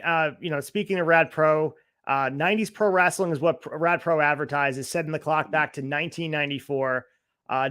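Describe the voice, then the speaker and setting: A man's voice: a little high, fairly bright tone, no room sound, clean studio sound. A man hosting a wrestling podcast interview, upbeat and promotional as he sets up questions. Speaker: podcast host.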